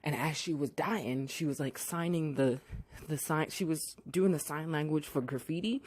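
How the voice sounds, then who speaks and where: A podcast reviewer recapping a TV episode in a casual, profane way, with sarcastic asides and lively put-on voices for the characters. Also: medium pitch, dry recording. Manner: blunt, sarcastic asides, heavy swearing; drawn-out, animated voices when quoting characters.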